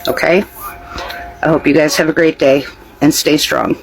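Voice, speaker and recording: A man speaking casually to camera in an earnest, somewhat halting delivery. His voice sits a little higher than usual for a man, and he presses his points with plain urgency. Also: fairly even intonation, creaky, breathy edge, faint music behind, rough recording.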